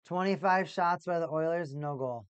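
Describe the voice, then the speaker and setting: A livestream host giving casual play-by-play commentary on a hockey game for a watch party, an excitable talker who gets loud at big plays. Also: medium pitch, moderate pace, clear, resonant tone, dry recording.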